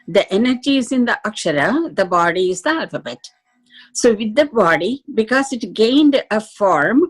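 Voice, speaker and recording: Woman lecturer, slow and methodical, explains carefully and checks understanding. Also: medium pitch, slightly rough, rough recording. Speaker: teacher. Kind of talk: lecture on Sanskrit phonetics.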